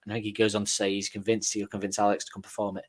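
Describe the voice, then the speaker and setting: A Northern English man co-hosts a podcast, speaking very fast in a low, flat monotone. He works through listener messages casually, swearing and poking fun at himself in an easygoing way.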